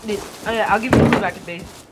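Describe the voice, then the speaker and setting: A young man chatting excitedly while playing a game with a friend, laughing and swearing as he goes. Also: high-pitched, quick pace. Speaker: gamer. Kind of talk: gaming chat with a friend. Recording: noisy game audio behind.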